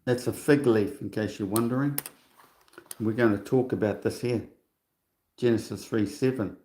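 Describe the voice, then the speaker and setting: Sixties guy rambling on a livestream, scornful, dark mellow voice, echoey room. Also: fairly low pitch, moderate pace, a little hiss or hum. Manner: scornful, rambling, chatty asides. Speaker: livestream host. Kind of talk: rambling casual livestream monologue.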